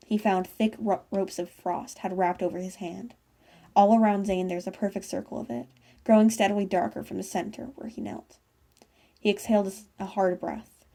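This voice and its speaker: A woman's voice: medium pitch, creaky, warm tone. A woman reading fan fiction aloud in a casual way, stumbling and correcting herself as she goes. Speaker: fanfiction reader.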